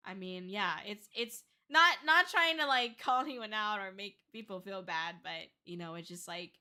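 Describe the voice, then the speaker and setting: A young woman streaming as a VTuber has a sharp-toned, mid-range voice. She chats with viewers in a candid, rambling way on a casual livestream, with lots of fillers and restarted sentences.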